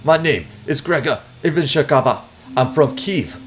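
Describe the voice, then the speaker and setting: A man's voice: a little high, expressive, moderate pace, slight background noise, voice pushed up, close to an everyday voice. A man doing a bad Russian accent. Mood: eager. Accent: exaggerated fake Russian. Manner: eager, earnest. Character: earnest Soviet man stuck in alien body.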